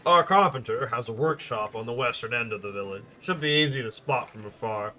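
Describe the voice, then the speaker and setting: A man's voice: mid-range voice, brisk, bright, forceful tone, lightly acted. A man voicing a chatty village tavern keeper in an attempted Southern drawl, reading game dialogue aloud. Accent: attempted American Southern drawl. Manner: folksy, chatty, hospitable. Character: jovial village tavern keeper, proud storyteller.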